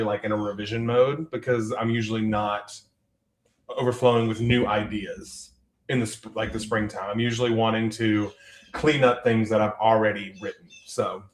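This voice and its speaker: In an echoey room at home, a man with a lowish voice and a Southern US accent sits at his desk hosting a writing stream. The livestream chat is casual, and he reads viewer comments aloud.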